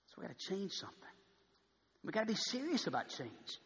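A male preacher with a very high, bright, ringing voice gives a brisk sermon full of big pitch swings, shifting from hushed pleading to loud, forceful proclamation. The long reverb of a large church hall carries his voice.

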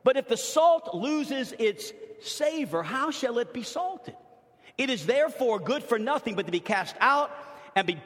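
A pastor from New Orleans preaching a sermon in a church, emphatic, swinging from loud to hushed. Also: male voice, very high voice, expressive, measured pace. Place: church sanctuary. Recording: long hall reverb.

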